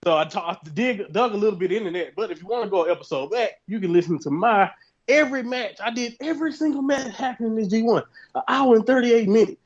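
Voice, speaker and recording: Man, podcast co-host, relaxed chat, slightly higher voice, dull lo-fi audio. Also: fast talker. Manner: relaxed, chatty, self-promoting. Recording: dull lo-fi sound.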